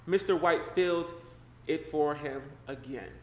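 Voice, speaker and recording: A man's voice: on the high side, measured pace. A young man streaming live, reading a horror story aloud and breaking off to joke with viewers in loose, slangy chat. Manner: animated, slangy and joking, breaks off to react to chat. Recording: roomy echo with faint background noise.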